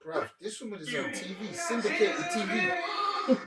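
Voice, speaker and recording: A man tells a story on a podcast, and his voice rises and falls a lot. He sits a bit back from the mic in an echoey room. His pitch is a little high, and he acts out every character as he goes. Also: moderate pace, distant mic, over loud music. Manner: animated storyteller, acts out the people in his stories. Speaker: podcast co-host. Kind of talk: casual chat. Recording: roomy sound, away from the mic.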